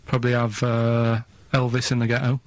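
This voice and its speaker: A man with a middling voice muses on everyday gripes in casual radio banter. He speaks haltingly and deadpan, often restarting his sentences. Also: medium pitch, no room sound. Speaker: radio show regular.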